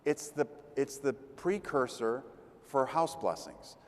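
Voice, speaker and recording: A man's voice: medium pitch, big pitch swings, slow pace. Man, priest, conversational sermon, storytelling, reverberant church hall. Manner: conversational storytelling, acts out voices of crowd.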